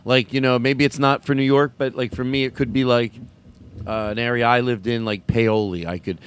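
A man's voice: medium pitch, steady tone, normal speed, a little hiss or hum. A man hosting a comedy podcast in casual chat, rambling with lots of fillers and restarts. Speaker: podcast host.

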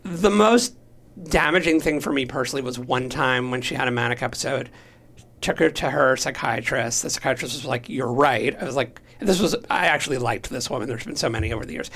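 A man with a gravelly, creaky voice tells a story as a podcast guest. He talks casually and acts out the voices of the people in it. His pitch sits in the middle. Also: fairly quick, a bit bright. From Los Angeles area, US.

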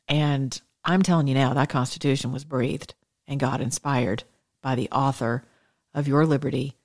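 Low-voiced woman preaching passionately. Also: darkish tone. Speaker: show host. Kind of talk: religious political commentary monologue.

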